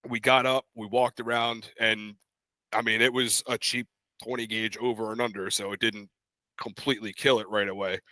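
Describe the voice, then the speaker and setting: A man's voice: on the low side, normal speed, no room sound. A young man co-hosting a podcast, casually telling a story and acting out the voices of the people in it. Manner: animated, acts out quoted voices in his stories. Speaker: podcast co-host.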